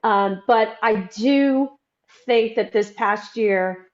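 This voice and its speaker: A woman with a Southern US accent, co-hosting a podcast over a video call in a casual, animated way. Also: fairly high pitch, slow, dull audio. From Nashville, US South. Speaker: podcast co-host. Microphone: remote video call.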